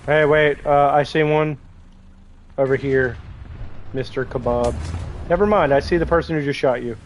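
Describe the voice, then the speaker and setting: A man's voice: on the high side, fairly even intonation, moderate pace, highs cut off, slight background noise. A man streaming a tank game, casually chatting and joking while reading viewer messages aloud. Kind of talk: casual gaming livestream chat.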